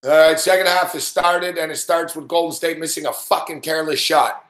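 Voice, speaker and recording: A man's voice: a little high, fairly even intonation, brisk. A man hosting a live sports betting reaction stream, swearing and ranting at the games. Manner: profane, ranting, yells at the game. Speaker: host. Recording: echoey room.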